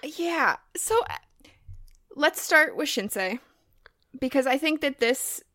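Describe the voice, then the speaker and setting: A woman's voice: high-pitched, expressive, slow, sharp tone, no echo, clean studio sound. A woman co-hosting a podcast in casual chat, joking, laughing often and swearing freely. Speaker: podcast co-host.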